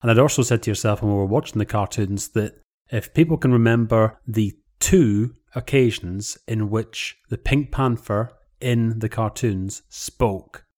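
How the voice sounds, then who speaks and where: A man in a casual discussion, measured and deliberate, with dry humor. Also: on the low side, a little mellow.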